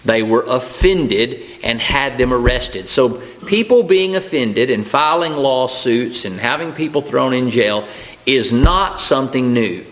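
A man's voice: mid-range voice, lively intonation, a little slow, rough recording. A man preaching a sermon, his voice rising to emphatic preaching at key points, with fillers and restarts.

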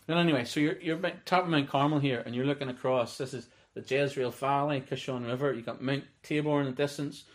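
A man giving a relaxed, unscripted Bible teaching, reading verses aloud as he goes. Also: medium pitch, a little fast, few pauses. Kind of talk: conversational sermon.

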